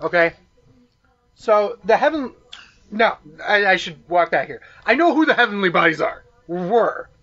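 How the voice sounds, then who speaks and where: A man's voice: high voice, big pitch swings, moderate pace, pushed and bright, highs cut off. A man co-hosting a wrestling podcast who explains backstory casually, swearing now and then. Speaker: podcast co-host. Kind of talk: casual chat watching wrestling.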